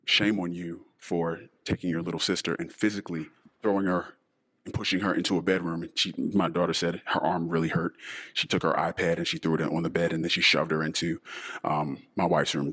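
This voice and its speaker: A middle-aged man hosting a personal monologue podcast in a deliberately disguised voice, talking in an emotional, halting way with sighs. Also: low-pitched, little pitch movement, a bit bright, slightly rough. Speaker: podcast host.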